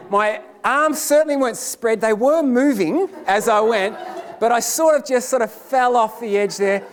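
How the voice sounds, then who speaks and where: A man giving a lecture, telling a personal story in an animated, self-deprecating way. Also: sits high.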